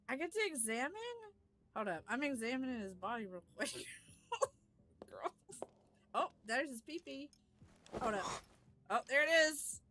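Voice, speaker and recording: A woman streamer giving live gameplay commentary, excitable and quick to shriek and laugh, repeating "hold up" and "girl". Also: sits high.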